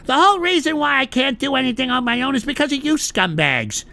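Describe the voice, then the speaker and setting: A man's voice: extremely high pitch, completely flat delivery, fast, bright, forceful tone, no room sound, pitched above the performer's own voice. A man putting on the voice of a whiny grown man-child who still lives with his parents, in a sneering mock whine.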